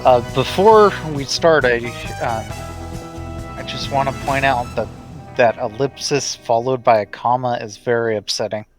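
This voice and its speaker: A man's voice: medium pitch, measured pace. A man co-hosting a game stream with wry, teasing commentary. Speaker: co-host and commentator. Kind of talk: casual gameplay commentary. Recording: stream mic with faint game music.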